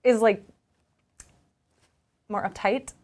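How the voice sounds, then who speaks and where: A woman's voice: medium pitch, steady tone, darkish tone. Woman, chatty guest, laughs often, starts sentences over, casual talk. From California. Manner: chatty, quick to laugh, trails off in restarts. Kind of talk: casual chat.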